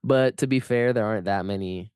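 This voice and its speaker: A man who is a podcast guest, answering questions about his fast-food job in a measured, casual way. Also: lowish voice, darkish tone, smooth, no room sound, studio quality.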